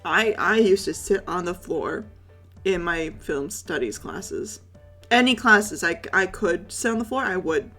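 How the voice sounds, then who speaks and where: A woman's voice: lowish voice, animated, unhurried, pushed and bright, faint music behind. A woman streamer making casual, giggly asides while reading through a video game.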